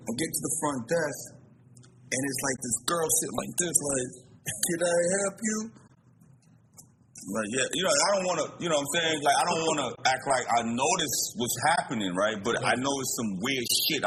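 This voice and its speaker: A man's voice: mid-range voice, a little fast. Man, casual storyteller, slangy and profane, noisy recording. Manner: slangy, profane, acts out quotes. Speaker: interviewee telling a story. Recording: noisy background.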